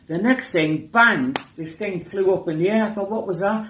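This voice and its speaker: A man tells a tour anecdote in an animated way, leaping into high-pitched impressions. His voice rises and falls a great deal. The room around him carries a clear echo. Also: normal speed. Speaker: band member telling a tour story. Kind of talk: anecdote telling. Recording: roomy echo.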